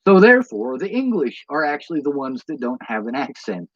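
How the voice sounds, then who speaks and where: A tired man with a Midwestern American accent wanders from tangent to tangent while talking to his stream chat. His voice is husky and the audio is dull and lo-fi. The sound is dry and close, with no room around it. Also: mid-range voice, sing-song, fairly quick, a bit bright, no room sound. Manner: meandering, goes off on tangents, many ums. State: tired from lack of sleep. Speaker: livestreamer answering chat. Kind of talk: rambling casual livestream talk.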